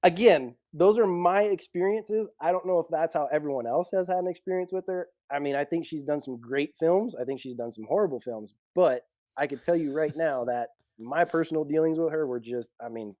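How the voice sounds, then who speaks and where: Male security pro, casual storyteller, mellow voice, dry sound. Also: on the high side, a little fast, no echo. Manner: animated storyteller, laughs often. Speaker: executive protection guest.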